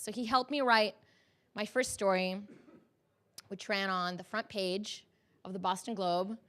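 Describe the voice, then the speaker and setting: Brief: woman, thirties, journalist, lively on-camera storyteller with a mid-range voice who laughs easily. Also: medium pitch, a little slow, long pauses. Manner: animated, laughs often, acts out quoted people.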